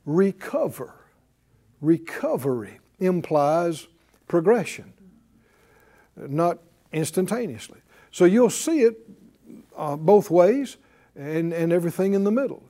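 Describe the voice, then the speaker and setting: A man preaching a sermon, asking his congregation questions and acting out shouts of praise. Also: high voice, slow pace, pauses often. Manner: animated, calls out to the congregation and acts out shouts of praise.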